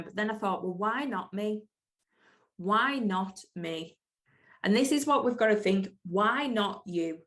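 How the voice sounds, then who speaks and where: A woman's voice: medium pitch, a bit bright. A woman hosting her own podcast, speaking in an earnest, emphatic motivational monologue and repeating key phrases for weight. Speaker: podcast host.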